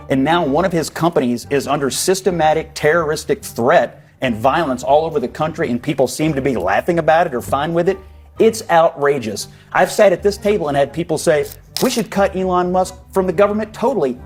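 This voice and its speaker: A man arguing forcefully and indignantly as a guest on a TV panel debate. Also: on the high side, husky.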